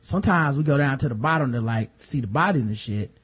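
A man's voice: mid-range voice, expressive, a little fast, a bit bright, slightly rough, voice pushed down. Jealous unhinged noblewoman voiced by a man, crude comic impression, slangy threats. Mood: gossipy.

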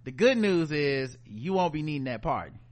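A man's voice: a little high, big pitch swings, moderate pace. A man putting on a blunt, slangy queen. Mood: matter-of-fact. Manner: slangy, offhand, unbothered. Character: blunt casual young queen, a woman.

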